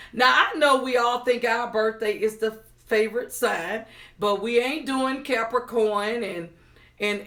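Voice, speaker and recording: A woman's voice: fairly high pitch, a bit bright. A woman hosting a casual livestream, chatting and greeting viewers by name as she reads their comments aloud. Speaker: livestream host.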